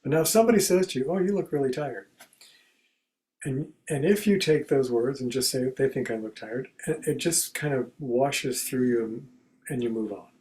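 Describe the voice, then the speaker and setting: Man, spiritual teacher, contemplative talk, conversational, acts out quotes, medium pitch, softens on key phrases. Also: moderate pace, rough recording. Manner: conversational, acts out everyday examples in quoted speech.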